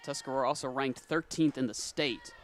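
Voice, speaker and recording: A young man calling play-by-play for a high school softball game, quick on routine calls and rising on big plays. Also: fairly even intonation. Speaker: play-by-play announcer. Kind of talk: sports commentary.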